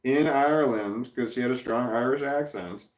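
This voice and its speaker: A man's voice: medium pitch, moderate pace. A man in his forties chatting casually on a livestream, rambling, swearing freely and chuckling as he reads viewers' messages. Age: 40s. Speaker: livestreamer reading chat. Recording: roomy sound from a distant mic.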